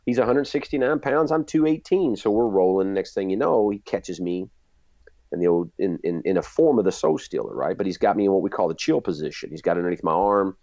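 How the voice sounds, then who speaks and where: A middle-aged man tells a story with a low voice that swings widely up and down, acting out his own reactions as he goes. The sound is dull and lo-fi, and it is dry and close with no room around it. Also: animated, a little fast, warm tone, no echo. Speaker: guest martial arts instructor. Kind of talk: animated storytelling.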